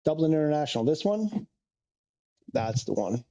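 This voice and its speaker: Man, gravelly mellow voice, rambling stream chatter, dull lo-fi sound. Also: a little high, very animated, moderate pace. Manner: rambling, thinking aloud, self-correcting. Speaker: game streamer. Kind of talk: casual live-stream chat.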